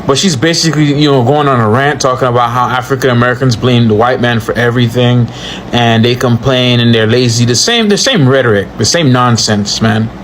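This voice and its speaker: A man's voice: medium pitch, brisk, fairly bright tone, a little hiss or hum. A man doing casual reaction commentary on clips, blunt and ranting, full of slang.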